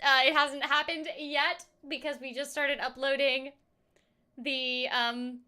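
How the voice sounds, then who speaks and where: A woman's voice: sits high, little pitch movement, slow pace, pushed and bright. A woman streaming a game, chatting casually and playfully, greeting viewers and repeating phrases in silly voices. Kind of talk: casual gameplay chat.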